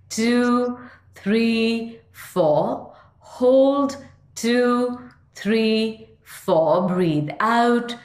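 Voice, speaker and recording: A woman breathing coach leading a guided breathing exercise, counting aloud slowly and calmly. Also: mid-range voice, reverberant. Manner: slow, calm counting aloud.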